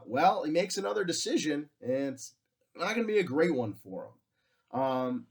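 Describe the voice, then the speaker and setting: A man's voice: medium pitch, a little mellow, slightly rough. A male history teacher giving a casual lecture. He talks conversationally in a mid-range voice, with plenty of fillers as he explains.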